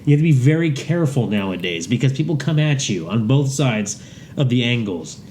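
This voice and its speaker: Mellow-voiced man hosting a podcast. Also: medium pitch, sing-song, brisk, slight background noise. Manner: loose, swearing, asks questions. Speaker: podcast co-host. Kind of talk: casual chat.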